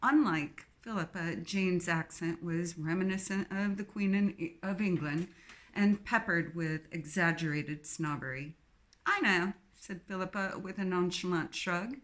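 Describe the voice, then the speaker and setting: A woman reading a novel aloud in first person, expressive and lightly wry. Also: lowish voice, a little slow. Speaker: audiobook narrator. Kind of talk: scripted first-person narration.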